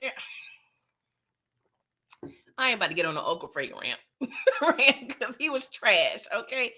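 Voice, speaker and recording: A woman hosting a casual late-night livestream, reading chat comments aloud, animated and laughing often, with a slangy, playful manner. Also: a little high, unhurried, pauses often.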